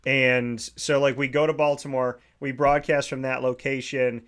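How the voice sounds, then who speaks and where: A man hosting a casual talk show, telling lively stories and mentioning that he does impressions. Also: medium pitch, moderate pace. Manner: animated storyteller who does impressions. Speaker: show host.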